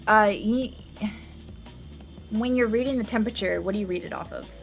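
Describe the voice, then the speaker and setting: A woman's voice: medium pitch, moderate pace, creaky, soft background music. Playfully indignant woman chatting. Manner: mock-indignant, playfully exaggerated. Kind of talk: casual chat.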